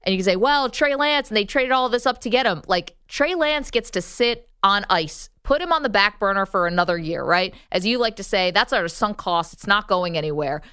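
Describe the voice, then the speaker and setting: A woman's voice: mid-range voice, expressive, a little fast, few pauses, fairly bright tone, clean tone, dry recording, studio quality. A woman co-hosting a sports talk show, giving opinionated takes in a casual debate. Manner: opinionated, argues points with laughs.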